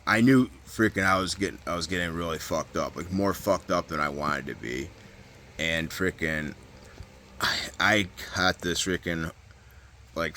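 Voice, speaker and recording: A man with a deep, low voice that carries a bright, forceful edge rambles through a casual story, a vlogger recounting his prison days. He keeps restarting sentences and leans heavily on fillers and swearing. There's slight background noise.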